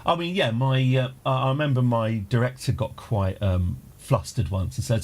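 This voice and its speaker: This man hosts a gaming livestream and chats casually, wandering off on tangents and cracking dry jokes. His voice is medium-pitched at a normal speed, and he barely pauses.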